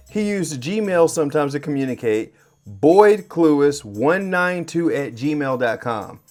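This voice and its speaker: A man who works in cybersecurity, telling a scam story to his viewers in a lively way. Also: slow, faint music behind. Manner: lively, swings pitch and loudness when acting out chats. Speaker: cybersecurity vlogger. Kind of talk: animated storytelling to camera.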